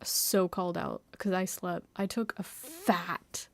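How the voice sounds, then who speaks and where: A woman's voice: lowish voice, sing-song, slow pace. A young woman chatting casually on a live stream from home, rambling, giggling and mocking herself, sometimes dropping to a whisper.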